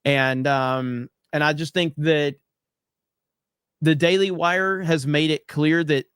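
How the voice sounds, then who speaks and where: A man's voice: a little high, steady tone, slow, a bit bright, smooth, dry recording. Dry-sounding man hosting a livestream. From USA. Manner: loose, wisecracking, swears freely. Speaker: livestream host reading super chats. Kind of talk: casual livestream chat.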